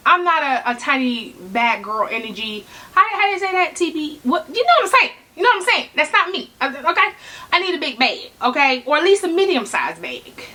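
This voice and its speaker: Excitable lady vlogger unboxing stuff, high bright voice, slangy, keeps telling herself to calm down. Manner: excitable, talks to herself, bursts into laughter and whispers; chatty slang-filled banter with viewers. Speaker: fashion vlogger.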